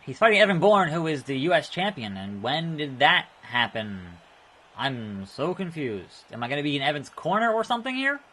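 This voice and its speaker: Male let's play host, casual and reactive, slightly high pitch. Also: big pitch swings, moderate pace. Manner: chatty, reacts loudly to the game. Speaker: gaming video host.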